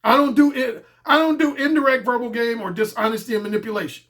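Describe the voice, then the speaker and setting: A man's voice: extremely high pitch, steady tone, fast talker, a bit bright. A middle-aged man giving a blunt, emphatic solo commentary as a dating coach, repeating his points for stress.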